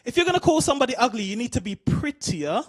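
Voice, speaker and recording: A man from the UK doing an animated stand-up routine, asking the crowd questions. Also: extremely high pitch, fast talker. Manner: animated storytelling, asks the crowd. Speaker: stand-up comedian.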